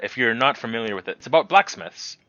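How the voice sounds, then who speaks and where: A young man guesting on a casual podcast, telling stories in a lively way and imitating the people he talks about. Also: mid-range voice, fast, dry recording, dull audio. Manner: animated storyteller, mimics people he describes.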